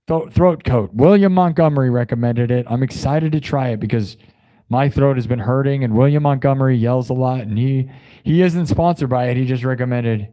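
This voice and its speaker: A hoarse young man streaming live after hours of yelling. He gushes thanks to his viewers in a casual, effusive ramble. He jumps between loud hype and quiet asides. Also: medium pitch, fairly quick. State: sore throat from yelling.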